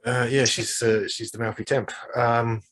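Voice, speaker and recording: A man's voice: mid-range voice, flat delivery, a little slow, fairly bright tone. A man co-hosting a podcast, agreeably recapping the story and chiming in with yeahs. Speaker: podcast co-host. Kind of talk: casual chat.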